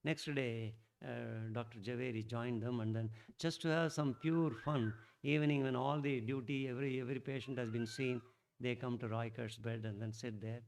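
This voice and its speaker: A middle-aged man, telling a devotional story at a satsang in a rambling, animated way, restarting often and bursting out louder. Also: mid-range voice, moderate pace, slight background noise. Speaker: satsang speaker.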